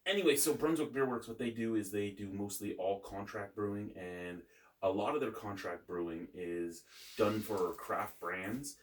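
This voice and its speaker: A man's voice: lowish voice, normal speed, roomy sound, far from the mic. A man hosting a casual beer review, rambling and joking with the odd swear word.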